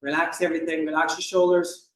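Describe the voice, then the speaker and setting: A man's voice: fairly high pitch, little pitch movement, fast talker, a bit bright. A man leading an exercise class, upbeat and encouraging, counting out reps and calling moves with a slight cough. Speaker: fitness instructor. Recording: echoey room, voice far from the mic.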